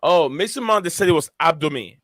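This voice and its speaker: Man, bright clear voice, dry close sound, hesitant casual host, lots of fillers. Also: a little high, expressive, quick pace, no echo. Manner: hesitant, many fillers, reads chat names. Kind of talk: casual live-stream chat.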